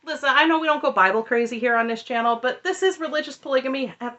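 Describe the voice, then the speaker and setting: A woman's voice: high voice, fast, a bit bright. A woman recapping a reality show in casual commentary, sarcastic and exasperated. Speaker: recap vlogger.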